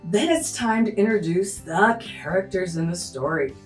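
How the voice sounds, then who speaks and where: A woman's voice: fairly low pitch, expressive, moderate pace, reverberant, far from the mic. A woman music teacher walking through a lesson, acting out animal sounds as she explains. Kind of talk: teaching tutorial.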